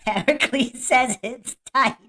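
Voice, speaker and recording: A woman's voice: high voice, takes it slowly, pushed and bright. A woman hosting a podcast, laughing often and mocking as she talks through a debate clip and reads chat comments aloud. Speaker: podcast host. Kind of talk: casual live-stream commentary.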